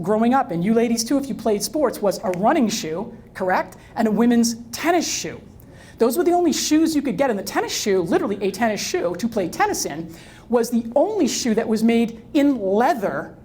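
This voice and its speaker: Middle-aged woman telling a lively story. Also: fairly high pitch, slight background noise. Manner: lively storyteller who acts out dialogue and quizzes the audience. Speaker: speaker. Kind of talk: live talk to an audience.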